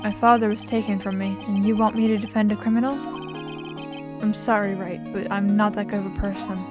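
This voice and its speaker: A woman voicing a proud young male prosecutor in a courtroom game, speaking low and clipped. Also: flat delivery, moderate pace, music in the background, lightly acted. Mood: aloof.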